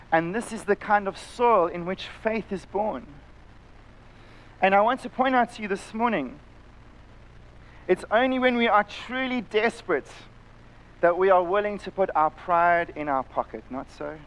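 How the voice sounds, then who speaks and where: Impassioned higher-voiced pastor. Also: male voice, unhurried, rough recording. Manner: impassioned, acts out voices in the story, drops to quiet intensity. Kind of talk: sermon. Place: church, live-streamed service.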